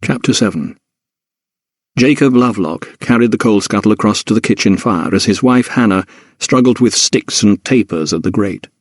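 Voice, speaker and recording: A man reading a historical mystery audiobook in a measured, steady narration. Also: on the low side, no room sound, clean studio sound. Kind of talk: scripted narration.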